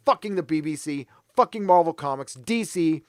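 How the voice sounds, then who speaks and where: Angry middle-aged guy ranting on his live stream, cussing constantly, kinda high voice, dry close mic. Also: expressive, normal speed, a little mellow, no echo. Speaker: live show host.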